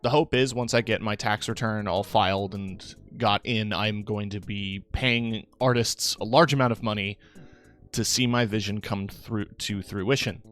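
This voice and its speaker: A man's voice: fairly low pitch, measured pace. Rambling male streamer, tired and chatty. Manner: rambling, relaxed, talks to chat with fillers. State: tired, yawning. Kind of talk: casual live-stream chat.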